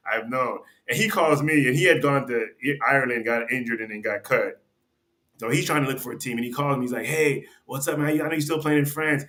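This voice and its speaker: A man with a medium-pitched, bright, forceful voice is a podcast guest telling a long story. He rambles conversationally, restarts sentences, acts out quoted dialogue, and says "you know" and "like" often.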